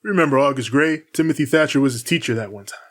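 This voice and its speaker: A man's voice: mid-range voice, fast talker. Man recapping wrestling with a laugh. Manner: narrates the matches, acts out wrestlers' quotes, laughs often. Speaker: podcast host.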